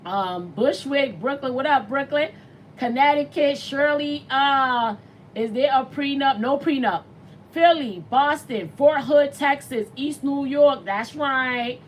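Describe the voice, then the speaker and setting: A woman hosting a morning talk show, chatting casually in slangy, animated speech and reading out viewer comments. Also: high-pitched, slow, slight background noise, rough recording.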